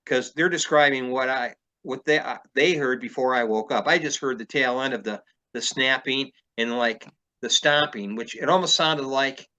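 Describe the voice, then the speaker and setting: A man's voice: medium pitch, pushed and bright, low-quality recording. A man, a field researcher, telling a story in casual conversation, rambling with many fillers and restarts.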